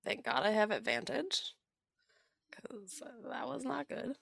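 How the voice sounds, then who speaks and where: A woman playing a tabletop game, animated and quick to laugh. Her pitch swoops widely around a low-ish base, with gravelly fry and a dry, close recording. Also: no room sound. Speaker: player.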